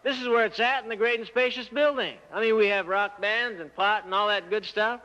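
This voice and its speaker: A taunting, mocking scoffer jeers from a high, bright, pushy voice, as a man puts it on. The recording is muffled and lo-fi. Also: brisk, long reverb tail. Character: jeering crowd of worldly scoffers.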